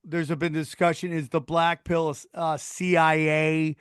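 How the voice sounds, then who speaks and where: Smooth, high-voiced podcast host man. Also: little pitch movement, moderate pace, a bit bright, dry recording, clean studio sound. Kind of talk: casual podcast chat.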